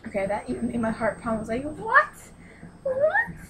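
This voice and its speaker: A young woman excitedly retelling a book's plot in a casual review vlog, with lots of "like" and sudden squealed exclamations. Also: on the high side, racing, heavy background noise. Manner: excitable and gushing, exclaims "What? What?"; retells the plot with many "like"s and restarts. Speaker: book reviewer.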